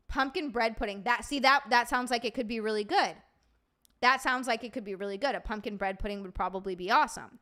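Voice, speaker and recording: High-voiced animated woman streamer. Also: quick pace. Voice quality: animated, swears freely, reacts to chat. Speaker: streamer host. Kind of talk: casual livestream chat reading viewer comments.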